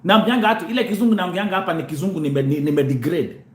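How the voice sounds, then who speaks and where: The host here is a Kenyan man with a high-pitched voice, talking very fast in an echoey room. His live monologue to viewers is animated, mixes Swahili and English, and is full of repetition.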